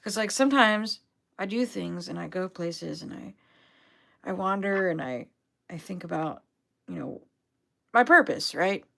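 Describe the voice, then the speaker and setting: A woman's voice: on the low side, lively intonation, measured pace, gravelly, pauses often, bright, forceful tone. A young adult woman telling a rambling, upbeat story on a casual livestream, full of fillers. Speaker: vlogger, duck owner.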